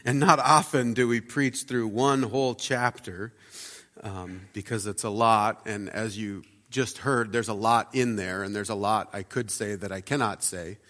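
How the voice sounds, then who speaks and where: A man's voice: lowish voice, steady tone, a little slow, fairly bright tone. A man in his thirties, a pastor giving a conversational, reflective sermon with frequent fillers in a church. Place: church sanctuary. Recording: long reverb of a church hall.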